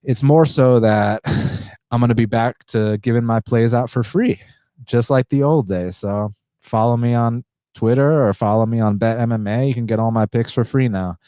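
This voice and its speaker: A podcast host, a man, talking in a subdued indoor voice, short of breath and pausing for deep breaths, blunt and profane. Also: warm tone, clean tone, no echo, clean studio sound. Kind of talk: casual podcast monologue.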